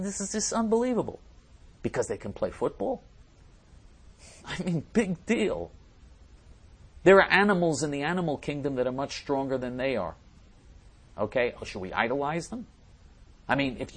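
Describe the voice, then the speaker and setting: A man hosting a talk show, delivering an emphatic, scornful monologue with many restarts and sudden swings in loudness. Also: medium pitch, husky. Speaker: talk show host reading listener messages. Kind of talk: ranting monologue.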